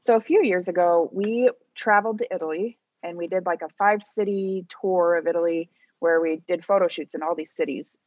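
A woman guest chatting casually about her travels in a relaxed way. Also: lowish voice, fairly quick, no room sound. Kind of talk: casual chat. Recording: dry, dull lo-fi.

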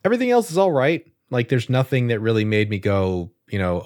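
A man's voice: sits low, animated, fairly quick, few pauses, a little mellow. A man hosting a casual podcast chat, laid-back and jokey. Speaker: podcast host.

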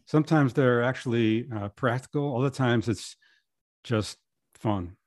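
A man's voice: medium pitch, unhurried, darkish tone, dry recording. A middle-aged man, a podcast guest, telling rambling anecdotes casually with many restarts. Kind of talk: casual storytelling.

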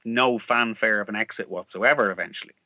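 A man with an Irish accent, a comedian guest in casual chat, animated and acting out quoted lines. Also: on the low side, a little fast, dry recording.

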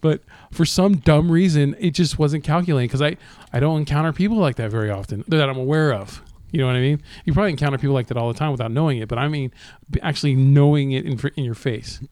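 A man's voice: a little high, quick pace, a little mellow, dry recording. A man in casual podcast chat, telling rideshare driving stories with lots of swearing and laughter. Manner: profane, laughing storyteller.

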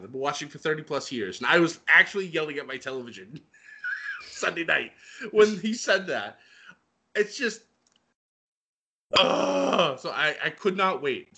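A man chatting casually and excitedly as he recaps a wrestling show, with lots of fillers and laughter. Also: on the high side. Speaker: wrestling podcast co-host.

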